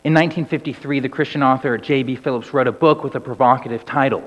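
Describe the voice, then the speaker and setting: A man preaching a sermon. His delivery sinks low and soft on key words and climbs to loud cries when he quotes scripture. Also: quick pace, few pauses. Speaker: pastor. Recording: dull recording with long hall reverb.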